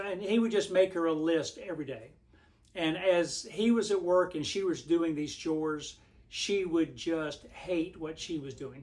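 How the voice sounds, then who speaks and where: A man's voice, pitched a little high for a man. He delivers a short devotional like a pastor, telling a homespun story in a relaxed, meandering way. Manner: homespun, rambling storyteller with frequent restarts.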